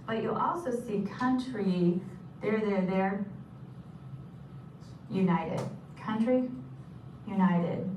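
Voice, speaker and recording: A woman's voice: mid-range voice, takes it slowly, pauses often, darkish tone. A woman teaching sign language vocabulary, patiently saying each term and repeating it. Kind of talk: instructional explanation. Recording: echoey room from a distance with noise.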